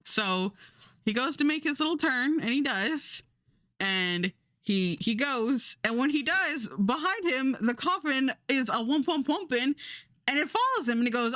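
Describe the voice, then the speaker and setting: Animated woman telling a story. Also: on the high side, measured pace, no room sound, studio quality. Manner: animated, repeats words, many restarts. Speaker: streamer. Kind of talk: casual storytelling.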